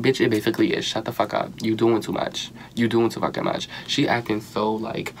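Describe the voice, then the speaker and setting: A young man giving casual, sassy and profane commentary on a reality show, animated and quick to exclaim. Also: lowish voice, gravelly, a little hiss or hum. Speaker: reality TV reviewer.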